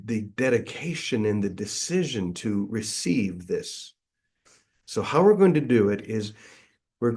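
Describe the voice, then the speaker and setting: A middle-aged man leading a guided breathing meditation as a spiritual teacher, soft and drawn-out, often sinking to a near whisper. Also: medium pitch.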